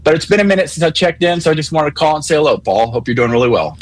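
A man calling in to a radio show, talking in a measured, wry, digressive way. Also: a little high, animated, poor audio. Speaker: caller.

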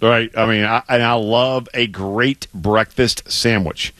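A man's voice: fairly low pitch, steady tone, slow pace, few pauses, pushed and bright, no room sound. A middle-aged man co-hosting a sports radio show in casual banter, emphatic and fired up, often repeating himself. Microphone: studio microphone.

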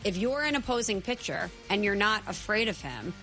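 A woman's voice: medium pitch, big pitch swings, normal speed, a bit bright, faint music behind. A woman co-hosting a sports talk show, making skeptical, punchy arguments. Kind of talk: sports debate chat.

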